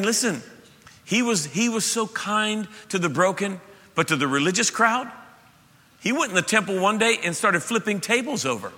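A middle-aged male pastor preaching an impassioned, emphatic sermon that swings between loud and soft in a church sanctuary. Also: sits high. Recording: reverberant church hall.

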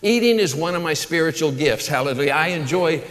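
A man's voice: fairly high pitch, lively intonation, a little fast, fairly bright tone. A man preaching a sermon as pastor, earnest, often restarting and repeating words as he builds lists. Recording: long hall reverb.

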